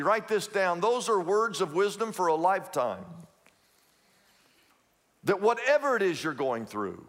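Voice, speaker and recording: High-voiced pastor preaching in a hall. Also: male voice, very animated, a bit bright. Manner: emphatic, repetitive, slows down to stress key phrases. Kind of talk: sermon.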